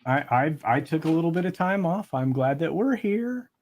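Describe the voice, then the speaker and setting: A man co-hosting a livestream podcast, who talks haltingly with stammering restarts. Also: fairly high pitch, animated, a little mellow. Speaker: podcast co-host.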